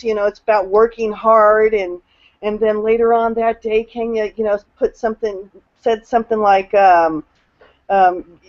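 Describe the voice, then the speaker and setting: A woman's voice: fairly high pitch, darkish tone, dull audio. A woman on a video call sharing her experience as a new team member in a rambling, emotional way, full of fillers and restarts. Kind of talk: casual testimonial on a video call.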